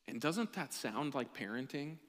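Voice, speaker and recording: A man preaching a sermon as a pastor, building intensity with emphatic slow repetition. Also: mid-range voice, expressive, long reverb tail. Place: church sanctuary.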